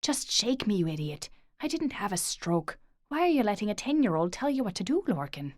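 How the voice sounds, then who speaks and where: A woman's voice: medium pitch, sing-song, fairly quick, no echo, clean studio sound. A woman reading the part of a blunt, irritable father in an audiobook, curt and exasperated.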